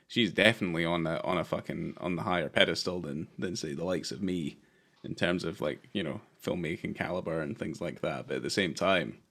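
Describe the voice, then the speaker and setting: A man's voice: sits low, fairly quick, fairly bright tone. A man co-hosting a podcast, chatting casually about a film in a rambling, sweary way that keeps interrupting itself. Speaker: podcast co-host. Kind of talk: casual film review chat.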